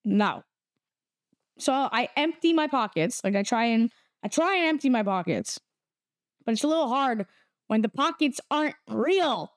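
A young woman casually telling a story, animated and quoting people as she goes. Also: mid-range voice, moderate pace, dry recording, studio quality. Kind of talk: casual chat.

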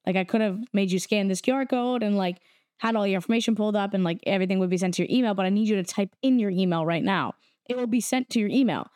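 A young woman casually telling a story, animated and quoting people as she goes. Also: medium pitch, brisk, no echo, clean studio sound. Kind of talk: casual chat.

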